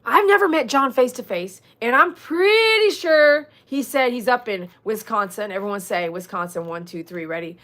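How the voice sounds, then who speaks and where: A woman's voice: fairly high pitch, animated, moderate pace, hardly any pauses, a bit bright. A middle-aged woman with a Texan accent, a dog groomer chatting casually with viewers on a livestream, joking and reading out the chat. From Texas. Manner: chatty, reads out chat, jokes and laughs.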